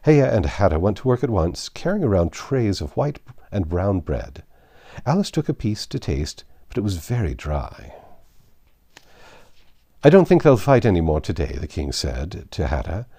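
A man narrating a classic children's book in an expressive storytelling manner. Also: sits low, moderate pace, breathy edge. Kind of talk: audiobook reading of a classic.

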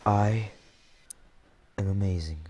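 A young man giving jokey let's-play commentary over a game, excitable, with sudden yelps and shouts. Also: sits low, slow. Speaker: gaming YouTuber.

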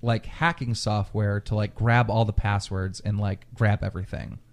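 He's a podcast host whose lowish voice moves at normal speed as he recounts a lengthy tale in relaxed chat. Expect plenty of swearing and vivid acting-out of what others said.

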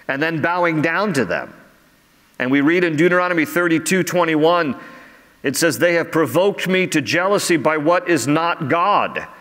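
A man's voice: on the high side, a bit bright, in a large hall. A man, preaching earnestly as a pastor and rising in emphasis on key phrases. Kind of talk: sermon. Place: church sanctuary.

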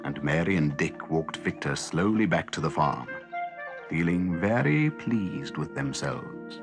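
Deep-voiced man reading a story. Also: animated, measured pace, music in the background. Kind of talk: scripted storybook narration.

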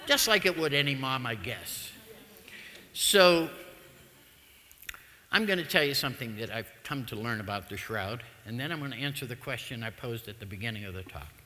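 A man, telling stories through a public talk in a humorous, animated manner. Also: mid-range voice, moderate pace. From United States. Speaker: lecturer. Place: lecture hall. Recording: long reverb of a lecture hall.

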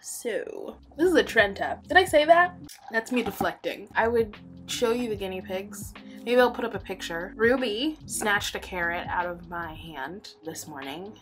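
A woman's voice: medium pitch, expressive, moderate pace, a bit bright, slight background noise. A woman in her twenties talking casually to camera in a personal vlog, rambling, often laughing, and close to tears. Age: 20s. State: holding back tears. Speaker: vlogger.

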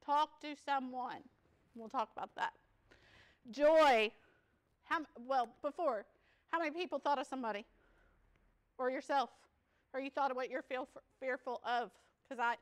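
Woman, high voice, chatty, jokey, conference workshop, laughs a lot. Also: moderate pace, pauses often. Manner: chatty, joking, laughs often. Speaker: peer support trainer. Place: conference session room.

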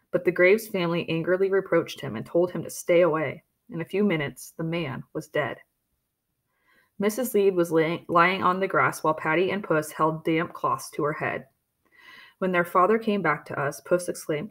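A woman reading a storybook chapter aloud in a steady, plain manner, with occasional slips and restarts. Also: on the low side, moderate pace. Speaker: audiobook reader. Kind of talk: storybook narration.

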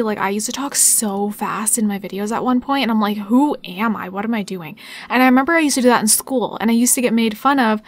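A young woman chatting her way through a life-sim game, excitable and quick with her words. Her voice sits fairly high, and the sound is close and dry with no room around it. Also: no echo. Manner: fast-talking, excitable, chatty. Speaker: gaming YouTuber. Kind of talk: casual gameplay commentary.

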